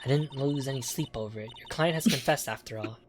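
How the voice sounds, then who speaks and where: A woman voicing a composed woman prosecutor, speaking low, hushed and flat. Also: fairly quick, a little hiss or hum. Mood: cold.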